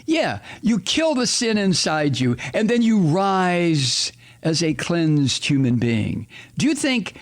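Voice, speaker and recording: Gravelly, animated ranting male radio host. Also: sits high, slow pace. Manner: angry, profane ranting; exasperated, sarcastic asides. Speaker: radio talk show host. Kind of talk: political commentary monologue.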